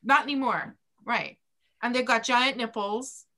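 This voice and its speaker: A woman's voice: a little high, measured pace, pushed and bright. A woman co-hosting a podcast in casual, playful chat, laughing often. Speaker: podcast co-host, doula.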